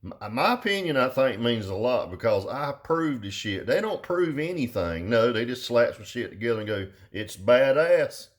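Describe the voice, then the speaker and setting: A man's voice: medium pitch, very animated, normal speed. A middle-aged man, ranting casually and bluntly with crude slang. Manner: profane, blunt, drawling southern slang. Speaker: car audio vlogger. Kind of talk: casual rambling rant.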